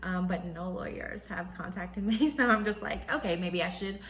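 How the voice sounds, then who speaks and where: Animated woman podcaster in an echoey room. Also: normal speed. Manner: animated, acts out quotes in a high voice, laughs often. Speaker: podcast host. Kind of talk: casual storytelling monologue.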